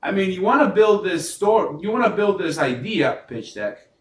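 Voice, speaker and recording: A man giving a casual, animated business funding lesson, firing rhetorical questions and restarting his sentences often. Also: high voice, normal speed. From New York. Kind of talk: casual teaching monologue. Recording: echoey room, mic at a distance.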